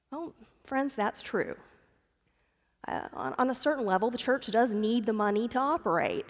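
A woman's voice: a little high, animated, moderate pace. Woman pastor preaching in a reverberant church. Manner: warm storytelling, addresses congregation as friends. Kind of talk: sermon. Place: church sanctuary.

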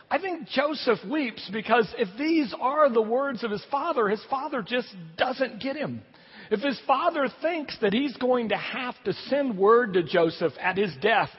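In a church sanctuary, a pastor with a high-pitched, slightly rough voice reads scripture and then explains it conversationally, his delivery full of lively rises and drops. The recording has a long hall reverb and a dull lo-fi quality.

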